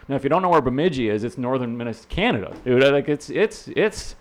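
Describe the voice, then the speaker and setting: A man's voice: mid-range voice, a little fast. Chatty middle-aged man telling stories. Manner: animated, laughing, repeats words, acts out quotes. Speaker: real estate instructor. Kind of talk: casual podcast storytelling.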